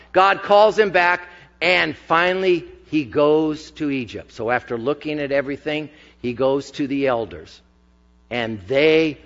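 Emphatic male preacher in a reverberant hall. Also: on the high side. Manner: conversational, emphatic preaching with asides. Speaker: pastor. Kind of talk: sermon. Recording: dull recording with long hall reverb.

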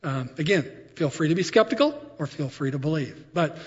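A man preaching a sermon, telling stories in a conversational, animated way with frequent asides. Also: on the high side, a little fast, in a large hall, lo-fi sound. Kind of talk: sermon storytelling.

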